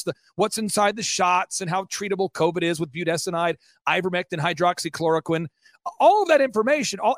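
A man telling an excited testimony as an interview guest, fast and intense, acting out quotes as he goes. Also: high voice, no room sound, studio quality.

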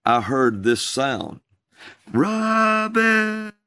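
A man, a minister, telling a personal story in conversation, slow and drawn out. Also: animated, no room sound. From USA. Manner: slow, drawn-out storytelling with calls acted out in a high voice.

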